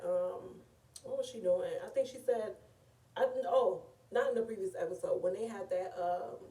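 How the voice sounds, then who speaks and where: A woman chats through a reality show recap in a gossipy, animated way. Her voice is mellow and dark in tone. She sits back from the mic in an echoey room. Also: on the low side, distant mic. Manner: chatty, animated, often says "girl" and "like".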